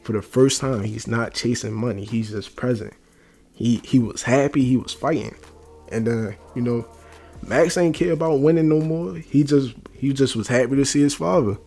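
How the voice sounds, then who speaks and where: Hushed man rambling about a movie. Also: mid-range voice, normal speed, vocal fry, faint music behind. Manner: rambling, says "bro" constantly; hushed, talking quietly. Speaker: movie reviewer. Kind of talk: casual film commentary. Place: at home at night.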